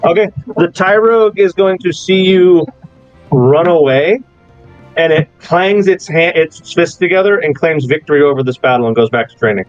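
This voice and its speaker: A man running a tabletop game as game master, narrating in a relaxed, chatty way with lots of casual asides. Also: a little high, normal speed, dry recording. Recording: dull lo-fi mic with background music.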